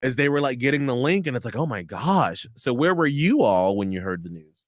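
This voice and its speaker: Lively, laughing man co-host. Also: mid-range voice, a little fast, no room sound, clean studio sound. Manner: laughs often, lively storytelling. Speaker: radio show co-host. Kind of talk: casual chat.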